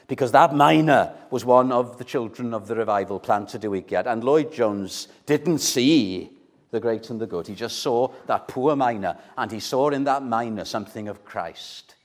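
A man preaching an evangelistic sermon, earnest and pleading, building to forceful appeals. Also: mid-range voice, moderate pace.

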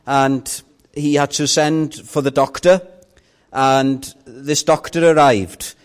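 An older man preaching a sermon with impassioned swings, rising loud on key points and dropping to a hush. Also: mid-range voice, fairly even intonation, takes it slowly.

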